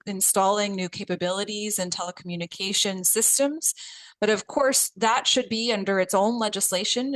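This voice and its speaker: A woman testifying as an expert witness at a committee hearing, speaking in a measured, precise way with occasional restarts. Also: mid-range voice, a bit bright, no room sound, rough recording.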